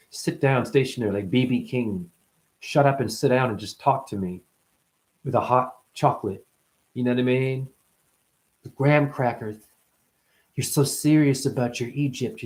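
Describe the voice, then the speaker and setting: A man talking as a spiritual teacher in a loose, profane monologue, playful and fond of acting out other people's voices. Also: medium pitch. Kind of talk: rambling spoken monologue.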